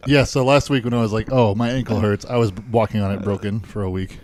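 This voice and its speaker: A man's voice: fairly low pitch, fairly even intonation, a little fast, a little mellow, no room sound. A young man co-hosting a podcast, in casual, swear-filled chat and often laughing, nursing a broken foot. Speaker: podcast co-host.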